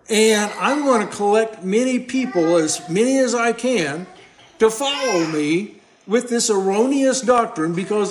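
A man's voice: sits high, animated, measured pace, echoey room, noisy background. A man preaching a sermon, reading scripture aloud and pressing its points on his listeners in an earnest, emphatic way. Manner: earnest, emphatic, addresses the congregation directly.

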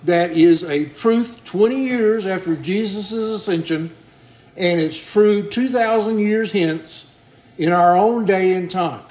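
A man's voice: high voice, takes it slowly, darkish tone, roomy sound, low-quality recording. A man preaching a sermon, reading scripture aloud and pressing its points on his listeners in an earnest, emphatic way. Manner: earnest, emphatic, addresses the congregation directly.

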